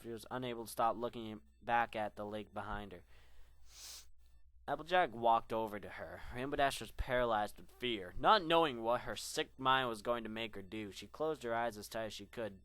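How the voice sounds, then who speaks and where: A man's voice: mid-range voice, moderate pace, fairly bright tone, no room sound. A young man reading a fan story aloud, rambling in asides and stumbling over words. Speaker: fan fiction reader.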